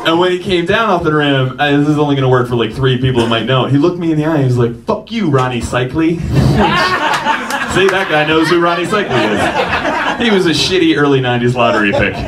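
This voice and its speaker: A man's voice: fairly high pitch, expressive, normal speed. A man telling a self-mocking personal story on stage, often laughing through his lines. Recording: distant mic with noise.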